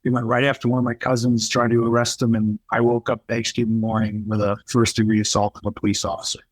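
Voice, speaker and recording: A middle-aged man, a podcast guest telling his life story in a candid, animated way, acting out the people he quotes. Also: medium pitch, quick pace, no echo, poor audio. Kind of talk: casual storytelling.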